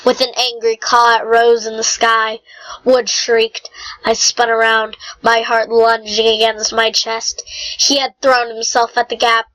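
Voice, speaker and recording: Woman, amateur audiobook reader, slow and measured, slightly high. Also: level tone, fairly bright tone, low-quality recording. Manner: unhurried reading with slips and throat-clearing.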